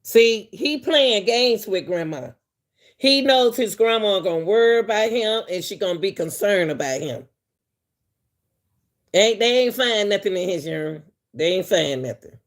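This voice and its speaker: In a mid-range voice with lively intonation and a measured pace, a woman hosts an online commentary show. She talks casually and directly to her viewers, chuckling between points.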